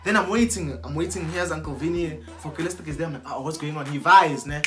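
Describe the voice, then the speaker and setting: A young man telling an excited storytime vlog, slangy and animated, acting out what people said. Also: fairly high pitch, fast talker, over music. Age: young adult. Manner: animated, slangy, acts out quotes. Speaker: vlogger.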